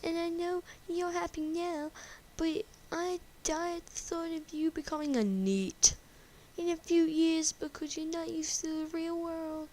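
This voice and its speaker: A woman's voice: very high-pitched, unhurried, darkish tone, voice pushed up, rough recording. A woman voicing a cheerful, fretful teenage schoolgirl as she reads game dialogue aloud in a sweet, earnest way. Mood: pleading.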